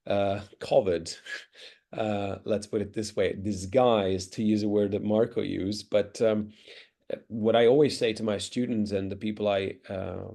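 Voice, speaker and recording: A man's voice: fairly low pitch, steady tone, unhurried, gravelly, mellow. An Italian man speaking English with a British-leaning accent, giving a thoughtful, academic interview answer with frequent fillers. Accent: British-leaning English with traces of American and Australian. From Italy. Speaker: interview guest, pronunciation teacher.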